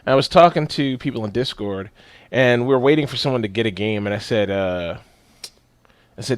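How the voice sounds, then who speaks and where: A man's voice: medium pitch, fast talker, no echo. A man hosting a podcast, telling stories with lots of swearing and acted-out quotes in casual chat. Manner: animated storyteller, swears a lot, acts out quotes. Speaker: podcast host.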